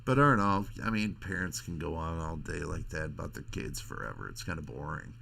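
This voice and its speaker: A middle-aged man hosting a podcast, rambling in a crude, halting casual monologue. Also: extremely low pitch, expressive, vocal fry, a bit bright. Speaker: podcast host.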